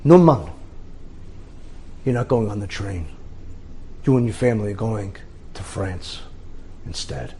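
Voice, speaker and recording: A man's voice: lowish voice, normal speed, long pauses, slight background noise, close to an everyday voice. A man doing a German soldier, pleading and urgent. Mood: earnest. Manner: pleading then shouting commands. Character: German soldier begging, later an officer.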